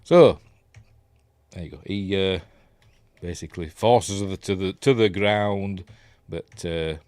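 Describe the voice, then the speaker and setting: A man's voice: sits low, slow pace, a little mellow, smooth, dry recording. A Yorkshire man giving a casual, rambling scene-by-scene commentary on a film, often correcting himself and chuckling. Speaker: film reviewer.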